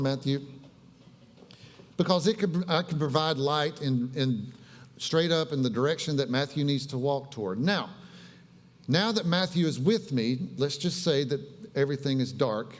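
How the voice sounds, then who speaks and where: Man preaching casually in a reverberant church. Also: a little high. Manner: conversational, storytelling with audience asides. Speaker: pastor. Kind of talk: casual sermon with live demonstration. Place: church sanctuary. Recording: long reverb of a church hall.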